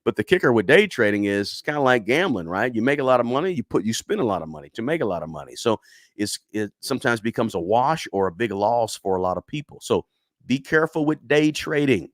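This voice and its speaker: A man with a mid-range voice talks fast and very animatedly in a dry, studio-quality recording. He hosts a finance livestream, chatting casually, reading the chat, restarting sentences often and tagging lines with "right?".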